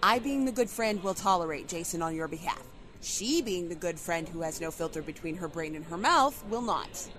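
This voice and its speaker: A woman's voice: fairly low pitch, lively intonation, moderate pace, lightly acted. A woman playing a sarcastic, dramatic young female friend who teases and bargains. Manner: sarcastic and theatrical.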